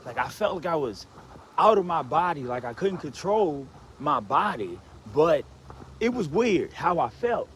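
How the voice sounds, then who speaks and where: A man tells a personal story in a rambling, casual, unhurried way, checking in with "right?" and "you know what I'm saying" as he goes. He is animated, swinging from low mutters to excited outbursts, with slight background noise in the audio.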